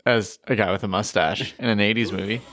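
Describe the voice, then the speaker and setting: A man's voice: lowish voice, fairly even intonation, brisk, a bit bright, no echo, soft background music. A man co-hosting a podcast, chatting casually and joking with dry understatement. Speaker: podcast co-host. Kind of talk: casual chat.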